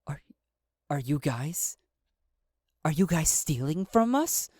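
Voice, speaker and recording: A man's voice: on the high side, very animated, slow, a little mellow, no echo, exaggerated voice. A man narrating a solo tabletop game and voicing a frightened woman in her late thirties, an accountant, who stammers nervously. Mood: alarmed.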